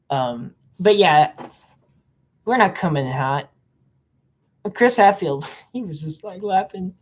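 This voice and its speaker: Rambling vlogger with excited high bursts. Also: slow pace, long pauses. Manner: rambling, jumps between topics, pitch jumps up when excited; mimics other people in silly voices. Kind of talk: casual rambling monologue.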